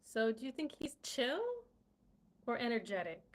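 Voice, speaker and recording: A woman's voice: on the high side, lively intonation, moderate pace. A woman hosting a casual live-stream English lesson, chatty, full of fillers and "right?" checks. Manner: chatty, many fillers and tag questions.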